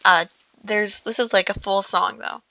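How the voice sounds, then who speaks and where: A woman casually reading a book aloud indoors in a dark room, often stumbling, restarting lines and breaking off into chatty asides. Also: mid-range voice, steady tone, measured pace. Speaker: audiobook reader.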